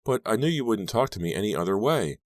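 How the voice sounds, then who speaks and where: A man's voice: lowish voice, sing-song, fast, dry recording, voice pushed up. Creepy pushy teen boy, read by a man, sing-song and mock apologetic, storybook tone. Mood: pleading. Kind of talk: audiobook character voice.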